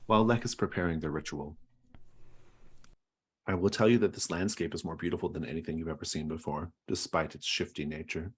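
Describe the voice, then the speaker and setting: Deep husky game-master narrator, a man. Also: fairly even intonation. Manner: descriptive, unhurried storytelling.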